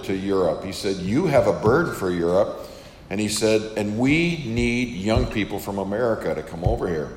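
A man's voice: lowish voice, lively intonation, moderate pace, roomy sound, in a large hall, a little hiss or hum. An older man who is a missionary, casually telling a story to an audience and acting out the dialogue. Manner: casual, chatty, acts out quoted dialogue.

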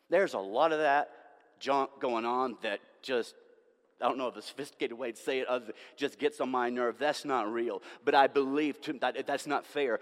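A man preaches in a church sanctuary, moving from raised, emphatic lines to near-hushed asides. His voice sits a little high for a man. The sound carries a long reverberant tail from the hall. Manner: conversational preaching, dynamic swings between loud and hushed. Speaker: pastor. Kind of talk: sermon.

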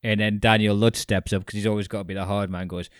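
A man chatting casually as a podcast co-host, telling a story with animated asides and casual swearing. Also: lowish voice, fast talker, clean tone, no room sound, clean studio sound. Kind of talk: casual chat.

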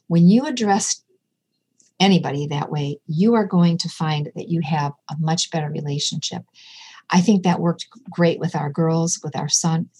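A woman's voice: deep voice, moderate pace, darkish tone, husky. A middle-aged woman, a podcast guest, talking earnestly and telling stories with quoted dialogue. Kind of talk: casual conversation.

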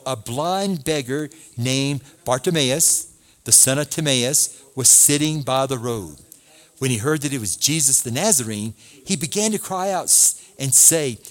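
This pastor's voice is mid-range and his pace moderate. His preaching is animated as he reads scripture aloud and asks the congregation questions.

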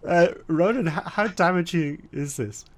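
A man's voice: fairly high pitch, normal speed. Chatty radio host man. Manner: chatty, laughs often. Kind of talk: casual radio talk.

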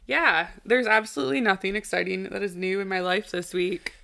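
Bright, gravelly-voiced teasing woman. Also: mid-range voice, brisk. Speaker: podcast co-host. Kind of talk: casual chat.

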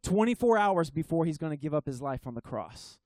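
Preaching to his church, a pastor speaks in a fairly high male voice with big pitch swings and a darkish tone, earnest and emphatic. He slows down to stress key phrases and sometimes stumbles and restarts mid-sentence. The sermon sounds dry and close, with no echo.

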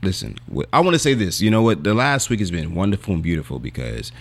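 A man's voice: low-pitched, big pitch swings, fast talker. A young man co-hosting a podcast in casual, slangy, rambling chat while losing his voice. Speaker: podcast co-host.

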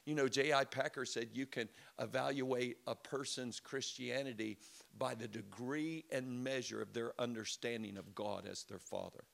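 This sermon comes from a middle-aged male pastor with a creaky, slightly bright mid-range voice at a moderate pace. His preaching is chatty storytelling, with laughs and quotes he acts out.

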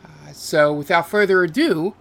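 A man's voice: high-pitched, moderate pace, a bit bright. A man narrating as game master of a tabletop game, with many fillers.

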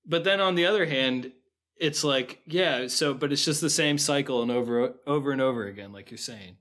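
A man's voice: mid-range voice, moderate pace, a bit bright. A man co-hosting a podcast, chatting casually about a film and thinking aloud with restarts and fillers. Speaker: podcast co-host.

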